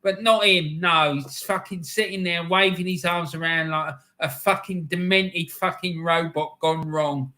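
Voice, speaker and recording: With a steady tone, a measured pace and hardly any pauses, a middle-aged man with a fairly high voice rants, shouts and swears heavily on a live match-day stream. His delivery is bright and forceful, he reads chat aloud, and faint music plays behind.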